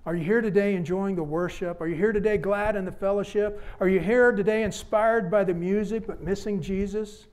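A male pastor preaching a sermon in church, with repeated emphatic appeals that fall low and soft at the ends of phrases. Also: fairly even intonation, fairly quick, few pauses. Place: church sanctuary.

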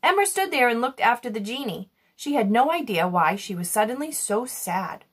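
A woman reading a children's chapter book aloud in an expressive storytelling manner. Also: on the high side, normal speed, slightly rough. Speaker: reader.

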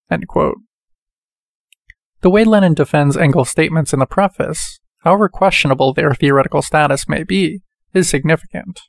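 Man reading with a gravelly edge. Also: on the high side, no room sound, studio quality. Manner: measured, reads quotations with quote marks spoken. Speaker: audiobook reader. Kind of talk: reading a book aloud.

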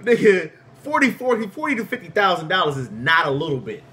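Here is a man teasing his co-host in a loose podcast argument, needling him over and over. His voice sits high and swings widely, with a bright, sharp edge. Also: wildly swooping pitch, fairly quick. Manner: teasing, laughs at his partner, repeats jabs. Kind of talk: casual debate, teasing.

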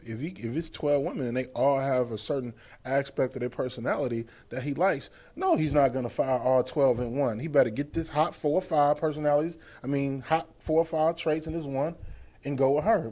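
A man chatting casually about relationships on a talk show, animated and teasing. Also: mid-range voice.

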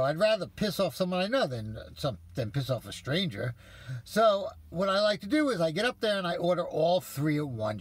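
A man's voice: high-pitched, breathy edge, no room sound. A man telling viewers an exasperated story in a casual, profane rant. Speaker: vlogger ranting to viewers.

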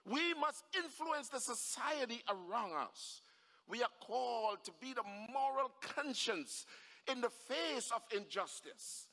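A man preaching a fervent sermon as pastor, building to shouts, recorded in a church. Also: extremely high pitch, very animated, measured pace. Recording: echoey church hall.

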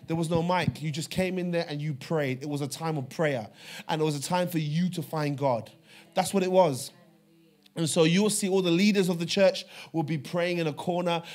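A man preaching a sermon, telling a personal story with fervor, dropping to a hush and then rising loud. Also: high voice. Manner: fervent storytelling, swings from hushed to loud. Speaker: pastor.

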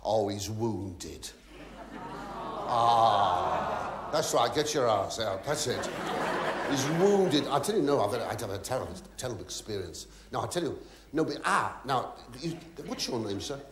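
A man's voice: medium pitch, sing-song, moderate pace, background noise. A man doing live stand-up on a theatre stage, in fussy, flustered patter full of stammered restarts, asides and mock indignation. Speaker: stand-up comedian. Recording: echoey theatre, loud audience laughter.

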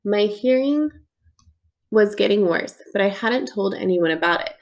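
A woman's voice: mid-range voice, expressive, unhurried. Audiobook narrator, woman, earnest and conversational first-person read. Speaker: audiobook reader.

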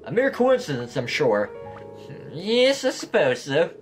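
A gruff, folksy southern swordsman with a slight lisp drawls his lines, as a man reads him from a game. His put-on American Southern accent swings through a lively, wide-ranging pitch. Faint music plays underneath. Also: a little slow. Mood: drawling. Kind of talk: game dialogue read aloud.

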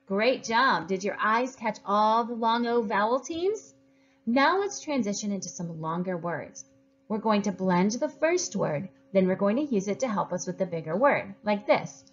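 A woman leads young children through a phonics lesson, drawing out each sound slowly and cheering them on. Her pace is unhurried and deliberate. The recording is muffled and lo-fi. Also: on the high side, sing-song. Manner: slow, drawn-out sounding of words; upbeat, encouraging. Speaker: teacher. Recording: dull lo-fi recording.

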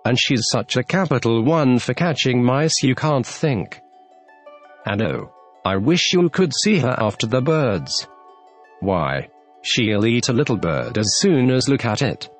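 A man voicing a curious, polite young girl in a storybook reading, gently wondering aloud to herself. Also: medium pitch, sing-song, measured pace, faint music behind. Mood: chattering.

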